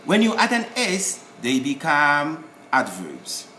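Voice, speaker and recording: A male teacher talks through a spelling lesson slowly and carefully, one word at a time. His voice sits a little high and swings widely in pitch. It is heard in an echoey room with faint background noise. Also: wildly swooping pitch, sharp tone. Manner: slow, deliberate, explains word by word with pauses. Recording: roomy echo, faint ambience.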